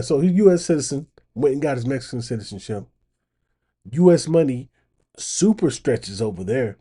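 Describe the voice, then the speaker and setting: A man hosting his channel, giving casual reaction commentary on video clips and getting animated when he makes a point. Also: mid-range voice, husky.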